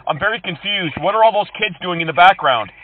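A man making prank phone calls to scammers, mocking and insulting them, switching from fake politeness to yelling. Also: high-pitched, lively intonation, fast, slight background noise. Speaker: scam-baiting prank caller. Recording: tinny phone-call audio.

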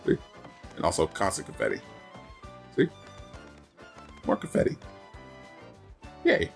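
A man's voice: low voice, wildly swooping pitch, measured pace, vocal fry, faint music behind. A man co-hosting a let's play, joking around in casual gameplay commentary and slipping into silly character voices. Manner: playful, jokey, slips into character voices.

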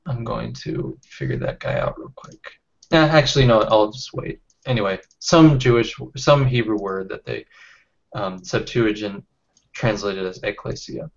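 Halting man leading a video-call book discussion. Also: lowish voice, muffled recording. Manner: halting, many fillers and restarts. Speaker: discussion leader. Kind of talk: casual online book discussion. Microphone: webcam or computer mic on a video call.

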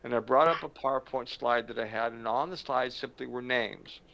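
Male motivational speaker, gravelly mid-range voice, slow dramatic storytelling, muffled lo-fi audio. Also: medium pitch, sharp tone, a little hiss or hum. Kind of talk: storytelling talk to camera. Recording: dull lo-fi sound.

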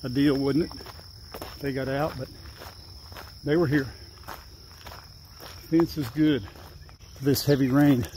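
Slow and steady, with long pauses, an older man's medium-pitched voice rambles through a casual outdoor farm vlog as he fondly coaxes his animals. The background is noisy, with faint insects and crickets.

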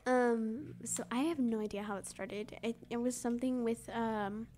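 A woman's voice: fairly high pitch, fairly even intonation, normal speed, dark tone. A teenage girl chatting casually with friends, hesitant, often trailing off with fillers. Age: teens. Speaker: podcast co-host. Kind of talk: casual chat.

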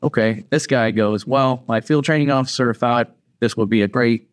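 Animated man telling a story. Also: medium pitch, moderate pace, no room sound, studio quality. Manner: animated, acts out quoted voices. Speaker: podcast guest. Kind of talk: casual storytelling.

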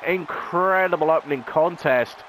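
High-voiced man doing wrestling play-by-play. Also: normal speed, fairly bright tone, a faint crowd, a little hiss or hum, rough recording. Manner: dramatic announcer delivery, rhetorical questions. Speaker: YouTube gaming channel host. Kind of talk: wrestling play-by-play commentary over a video game.

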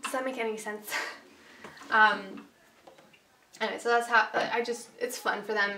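A woman piano teacher talking through a worksheet in a casual, chatty way, full of fillers and quick checks with her listeners. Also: a little high, steady tone, vocal fry, pushed and bright, a little hiss or hum. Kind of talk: casual instructional walkthrough. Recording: roomy, distant mic with faint ambience.

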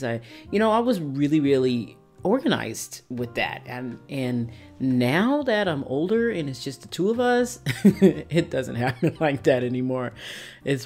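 An older woman chatting casually through a scrapbooking process video, rambling and often laughing at herself. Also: a bass voice. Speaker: scrapbooking vlogger. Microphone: phone camera. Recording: soft background music.

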